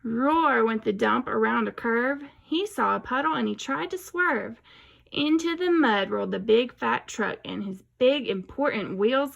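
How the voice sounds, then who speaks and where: Woman, teacher-educator; unhurried, rhythmic read-aloud with some vocal fry. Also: on the high side, a bit bright. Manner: rhythmic, sing-song storytelling. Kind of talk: expressive picture-book read-aloud and lesson explanation.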